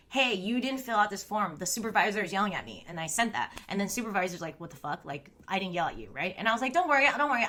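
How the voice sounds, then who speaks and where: A woman's voice: mid-range voice, a bit bright, a little hiss or hum. A woman in her thirties chatting casually on a live stream, rambling and oversharing, full of "like" fillers and the odd swear.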